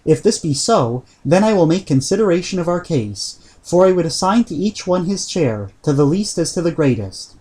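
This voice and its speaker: A man's voice: a little high, big pitch swings, moderate pace, few pauses, a little mellow. A man voicing a grieving medieval Danish knight in an audiobook reading, with solemn, old-fashioned speech. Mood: commanding. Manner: archaic, solemn prayerful speech.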